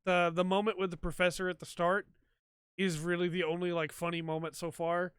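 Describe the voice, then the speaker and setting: High-voiced man chatting on a podcast. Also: little pitch movement, a little fast, fairly bright tone, smooth, dry recording. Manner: chatty and rambling, many ums and likes. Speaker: podcast host. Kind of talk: casual solo chat. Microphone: desk mic for a stream.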